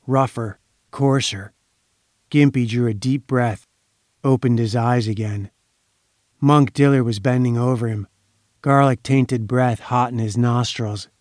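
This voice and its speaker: A man narrating a pulp crime story in a measured, dramatic way. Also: medium pitch, a little mellow, no room sound, studio quality.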